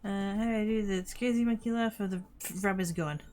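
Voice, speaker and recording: A woman streaming a game, chatting casually and muttering to herself as she plays, easily excited. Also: mid-range voice, fast talker. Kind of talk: casual gaming livestream chat.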